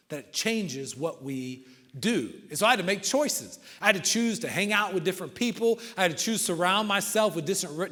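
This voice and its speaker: A man giving a humorous, animated motivational talk, telling a story and often checking in with the audience. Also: high voice. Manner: animated, keeps asking the crowd "right?". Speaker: motivational speaker. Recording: long reverb of a large hall.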